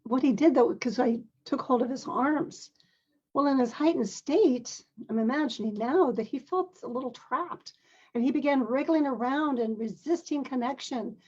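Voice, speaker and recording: With a high voice, a grandmother and parent tells a personal tale in a soft, sincere, measured manner, pausing sometimes to clear her throat. The sound is lo-fi.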